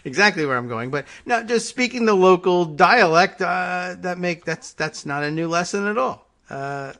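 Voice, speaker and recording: A man hosts a casual political chat in a bright, sharp-edged voice. He agrees easily, chuckles often and lets his thoughts trail off. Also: high voice, expressive, moderate pace. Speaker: political talk show host.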